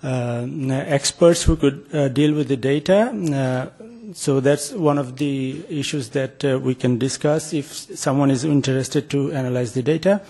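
A man's voice: mid-range voice, measured pace, dark tone, breathy edge. A man presenting a research project in an academic talk, hesitant, with many filler sounds and restarts.

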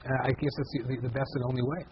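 A man's voice: medium pitch, little pitch movement, racing, highs cut off, slight background noise. A man in his fifties, a guest in a casual interview, talking in a rambling way with many restarts and repeated words. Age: 50s. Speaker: guest, comedy festival head.

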